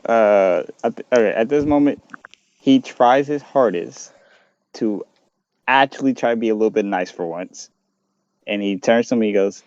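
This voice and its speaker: A man's voice: on the low side, moderate pace, a little mellow, no echo. A man playing a tabletop game, chatting hesitantly with many fillers, on a dull mic. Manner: hesitant, lots of likes. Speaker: player. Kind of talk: casual chat at a tabletop game.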